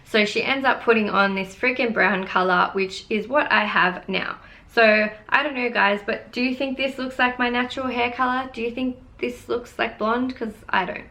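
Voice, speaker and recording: Gravelly-voiced young woman venting. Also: a little high, fairly even intonation, moderate pace, hardly any pauses, sharp tone. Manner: exasperated, vents and swears casually. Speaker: beauty vlogger. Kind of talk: storytime vlog.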